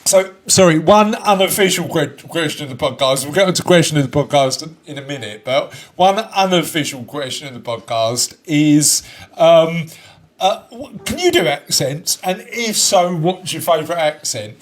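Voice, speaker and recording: Chatty British man with a higher voice. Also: lively intonation, normal speed. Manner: chatty, teasing, laughs often. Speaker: podcast co-host. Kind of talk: casual live-stream chat.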